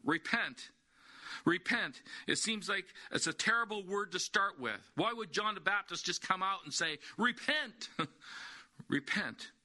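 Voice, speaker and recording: A man's voice: high voice, normal speed, sharp tone. A man preaching a sermon, emphatic, repeating key words and asking rhetorical questions.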